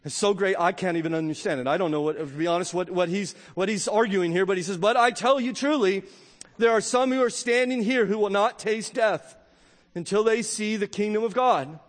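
High-voiced man preaching in a reverberant church. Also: fairly quick. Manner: earnest, animated preaching with frequent restarts. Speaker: pastor. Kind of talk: sermon. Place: church sanctuary.

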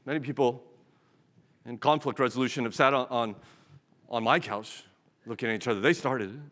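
A man's voice: mid-range voice, fairly quick, a bit bright, long reverb tail. A pastor preaching a sermon in an earnest, direct way, often restarting his phrases.

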